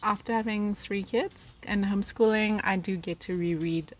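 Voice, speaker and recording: A woman's voice: medium pitch, moderate pace. A woman guest on a podcast in casual chat, laughing easily.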